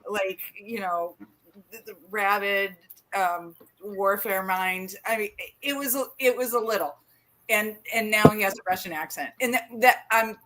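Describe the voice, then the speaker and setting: A woman's voice: mid-range voice, moderate pace, noisy background. A woman hosting a podcast in a joking, casual conversation, lingering over her words. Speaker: podcast host.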